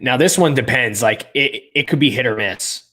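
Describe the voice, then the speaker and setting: A man's voice: medium pitch, normal speed, sharp tone. A young man co-hosting a casual podcast, laid-back and joking, often trailing off mid-sentence. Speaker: podcast co-host. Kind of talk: casual chat ranking party foods.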